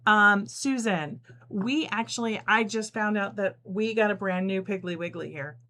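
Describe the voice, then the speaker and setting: A middle-aged New Jersey woman hosts a casual live sew-along, chatting as she sews, laughing often and reading viewers' comments aloud. Her mid-range voice moves at a normal speed and sounds pushed and bright.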